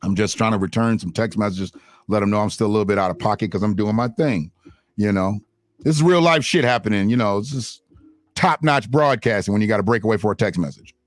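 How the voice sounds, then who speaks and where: A man's voice: fairly low pitch, quick pace, no room sound. A man hosting an unscripted livestream, talking in a fiery, profane and emphatic way at a home streaming setup. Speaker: livestream host. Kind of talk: heated unscripted livestream rant. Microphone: desktop streaming mic in front of a green screen.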